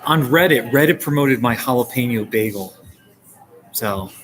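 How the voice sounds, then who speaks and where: A man in his forties, from the United States, chatting casually on a live stream and answering viewers' comments. He laughs often and his voice jumps up when he gets excited. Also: medium pitch, moderate pace, faint music behind, low-quality recording. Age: 40s.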